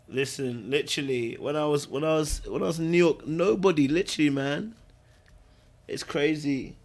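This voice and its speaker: A man's voice: on the high side, moderate pace. A man talks in a loose, easygoing ramble, full of slang and restarts. He chats casually as a podcast host, circling back over his own words. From Britain. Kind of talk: casual livestream chat.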